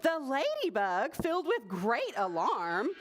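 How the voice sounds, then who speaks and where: Animated, slow story-time reader woman. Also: sits high. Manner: animated, asks children questions. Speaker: librarian. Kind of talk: preschool story time reading. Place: library story room.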